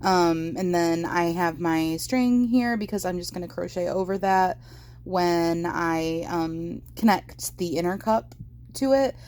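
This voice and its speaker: A young crochet vlogger talks slowly in a fairly low, darkish voice, casually explaining a project she's crocheting at home. She uses many fillers and often corrects herself.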